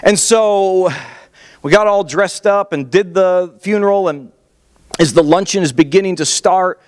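A pastor in his thirties tells a sermon story with animated, self-mocking energy. His voice sits a little high for a man. The sound carries the long reverb of a large church hall. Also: a little slow.

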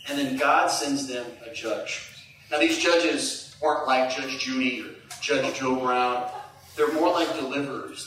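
A middle-aged man preaching a sermon, animated, climbing to high emphatic peaks and dropping to hushed asides. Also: slight background noise. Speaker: pastor. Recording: echoey hall, distant mic.

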